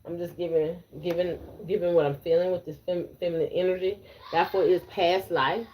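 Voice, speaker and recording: A woman reads tarot live for her viewers, blunt and repetitive. Her voice sits a little low for a woman. A faint hiss runs under the recording. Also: steady tone, brisk, darkish tone. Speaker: tarot reader.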